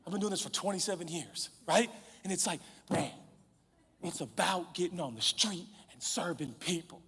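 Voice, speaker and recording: A man in his forties, a pastor, preaching a sermon in an animated, humorous, conversational way, out of breath and sweating. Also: a little high, normal speed, slightly rough. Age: 40s. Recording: reverberant large hall.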